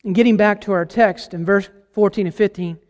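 A man's voice: sits high, fairly even intonation, fairly quick, a little mellow, long reverb tail, soft background music. A man preaching a sermon as a guest preacher, emphatic and impassioned, putting questions to the congregation. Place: church sanctuary.

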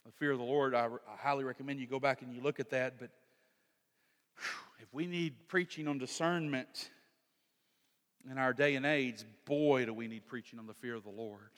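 A pastor preaching a sermon in an animated way, rising to shouts for emphasis. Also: male voice, medium pitch, moderate pace. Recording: long hall reverb.

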